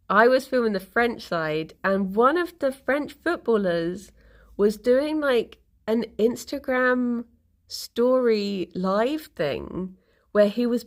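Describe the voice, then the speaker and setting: A young woman, talking slowly and drowsily on a cosy stream. She rambles through her stories and giggles often. Her pitch sits in a middling range for a woman. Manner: rambling, giggly, sleepy storytelling. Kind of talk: relaxed casual stream chat, reading chat.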